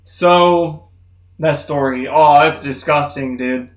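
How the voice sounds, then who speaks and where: A young man streaming, telling rambling comedic stories in casual chat, swearing constantly and saying "dude" a lot. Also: takes it slowly. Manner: does loud high-pitched mocking voices in stories. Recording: roomy, slightly muffled stream audio.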